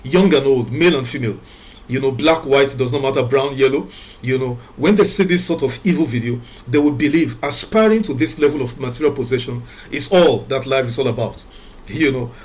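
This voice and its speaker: A man from Nigeria speaks in an emphatic, preaching way, hammering the same words again and again. His pitch sits in an ordinary middle range. He reads scripture evenly and then poses pointed rhetorical questions. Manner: reads scripture aloud in a measured way. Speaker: commentator. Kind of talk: preachy moral commentary monologue.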